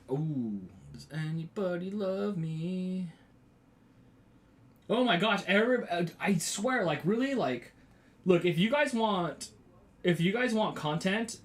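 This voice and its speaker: A man in his thirties hosting a casual home livestream, rambling and chatting with viewers and often exclaiming as he goes. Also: on the high side.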